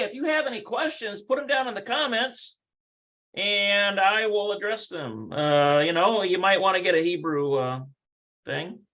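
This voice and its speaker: Teaching Hebrew in a casual livestream from his computer, this man has a bright voice pitched a little high. His speech wanders as he reasons out loud and fixes his own sentences partway through, all on dull-sounding audio.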